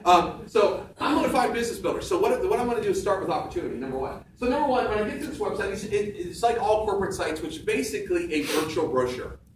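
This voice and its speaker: Man, high voice, emphatic stage talk, echoey room, distant mic. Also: big pitch swings, fast, hardly any pauses. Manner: emphatic, punchy, repeats key phrases. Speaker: seminar speaker. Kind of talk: motivational sales talk on stage. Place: large room with audience. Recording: echoey room, far from mic, faint background noise.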